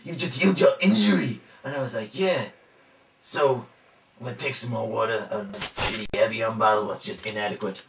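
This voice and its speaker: In an amateur trailer, a man plays a boastful, macho rugby player in an improvised comedy monologue, blustering and rambling with lots of "like" and "you know." His voice is on the low side with vocal fry, normal speed, in a roomy, noisy, distant recording with music.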